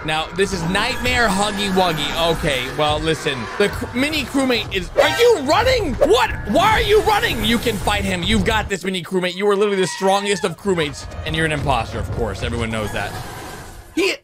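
A young man hosting an excited reaction commentary on animations, with loud outbursts and laughter. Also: high-pitched, brisk. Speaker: YouTube host reacting to animations. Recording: background music under the voice.

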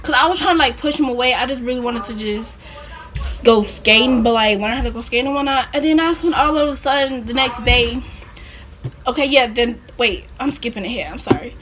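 High-voiced young woman telling a rambling story. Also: fairly quick, background noise. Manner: rambling, laughing, many fillers. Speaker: vlogger. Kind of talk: casual storytime chat.

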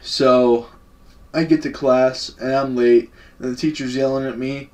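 A man's voice: mid-range voice, fairly even intonation, measured pace, darkish tone. A young man telling a casual story-time vlog in a laid-back, slangy and profane way. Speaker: vlogger. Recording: voice a bit far from the mic.

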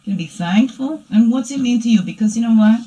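A woman voicing her own playful alter-ego dark side, giving a rambling, chatty spiritual reading that keeps asking "right?". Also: fairly high pitch, animated, quick pace, close to an everyday voice, poor audio. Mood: musing. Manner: rambling and chatty, tagging "right?" onto lines. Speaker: spiritual reader. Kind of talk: spiritual daily energy reading.

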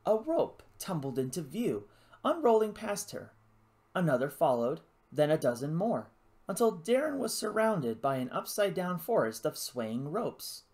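An audiobook narrator reading an adventure novel aloud in an expressive storytelling manner. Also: medium pitch, normal speed. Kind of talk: scripted narration.

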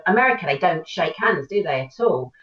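A middle-aged woman tells stories in a low but very lively voice. She sounds far from the mic in an echoey room, and the audio is dull like a call. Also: brisk, crowd noise. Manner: animated storytelling, laughs often. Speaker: actor. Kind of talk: casual chat.

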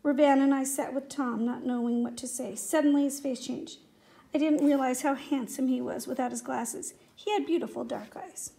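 A woman reading a children's story aloud in a steady, expressive way. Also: high voice, normal speed, gravelly. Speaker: reader.

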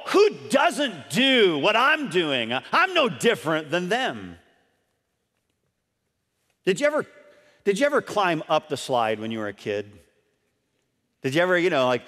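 A man's voice: sits high, a bit bright. A man pastor preaching a sermon earnestly, repeating key points and putting questions to his congregation. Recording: long reverb of a church hall.

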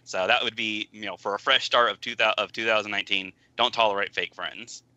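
A man's voice: lowish voice, fairly even intonation, a little fast, sharp tone, dry recording, lo-fi sound. A man guest on a casual podcast, talking in an eager, giggly and earnest way. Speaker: guest artist.

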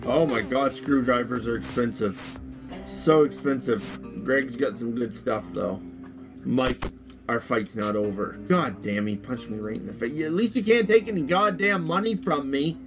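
A man giving casual gameplay commentary as a YouTuber, excitable, jokey and easily frustrated. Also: medium pitch, moderate pace, music in the background. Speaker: gaming YouTuber.

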